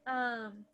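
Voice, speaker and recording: A woman hosting a video call interview, soft-spoken, asking plain questions, with the hiccups. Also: fairly high pitch, highs cut off. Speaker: host.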